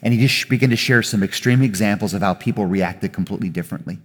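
A man's voice: fairly low pitch, quick pace. Man preaching a sermon in a hall. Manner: conversational preaching, rising with emphasis, self-corrections. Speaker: pastor. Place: church hall with audience. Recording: reverberant hall.

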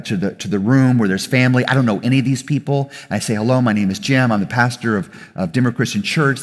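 In a reverberant church hall before an audience, a mid-range-voiced male pastor preaches in a conversational way. His delivery rises in volume and emphasis as he drives home each point, with occasional self-corrections.

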